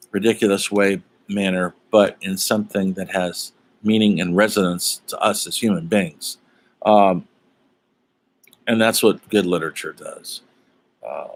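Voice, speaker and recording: A middle-aged man with a somewhat low voice gives a college humanities lecture for online students. He talks casually and drifts into personal asides, filling pauses with ums and uhs. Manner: rambling, chatty, many fillers and asides.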